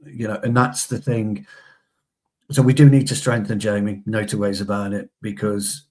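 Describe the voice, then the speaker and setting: A man with a fairly low voice, chatting casually about football as a co-host. His talk is full of banter and asides to his partner. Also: level tone, normal speed, darkish tone. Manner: chatty, banter-filled, addresses co-host as pal. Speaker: fan channel co-host. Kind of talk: casual football fan chat.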